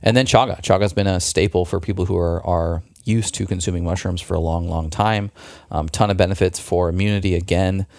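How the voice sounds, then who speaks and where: A man's voice: low-pitched, fairly even intonation, a little fast, few pauses, darkish tone, no echo, studio quality. A man co-hosting a podcast, chatting enthusiastically about a product, with frequent restarts. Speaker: podcast co-host. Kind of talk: casual product pitch in a podcast chat.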